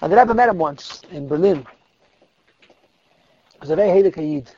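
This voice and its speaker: A man telling a Hasidic story to listeners in an animated, emphatic way, repeating words for stress. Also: a little high, normal speed, a little hiss or hum. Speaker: religious storyteller. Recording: dull lo-fi, dry recording.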